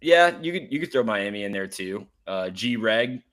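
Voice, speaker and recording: Lowish voice podcast cohost guy, earnest, rambles a lot. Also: expressive, moderate pace, fairly bright tone. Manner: earnest, rambling, fond of fillers. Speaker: podcast co-host. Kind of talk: casual sports podcast chat.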